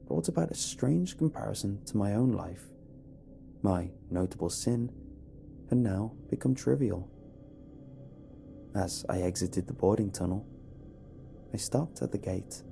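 A man narrating a horror story in a measured, dramatic way over a faint music bed. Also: lowish voice, vocal fry, mellow.

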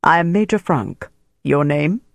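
A man reading the part of a commanding male German army major in an audiobook, in a crisp tone of authority. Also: fairly high pitch, fairly quick, darkish tone, no echo.

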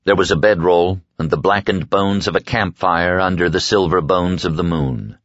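This is scripted audiobook narration from a man whose voice is very deep and low, delivered evenly and deliberately. The sound is close, dry and lo-fi, dull in tone, with no room ambience.

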